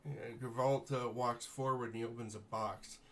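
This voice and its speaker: A man narrating as game master in a tabletop game, in halting, unscripted narration that corrects itself as he goes. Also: mid-range voice, steady tone, a bit bright.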